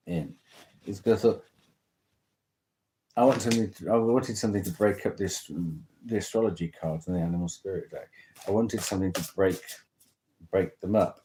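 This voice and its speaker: A man's voice: low voice, a little mellow, slight background noise, rough recording. A man chatting casually through a tarot reading, rambling and interrupting himself often. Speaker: tarot reader.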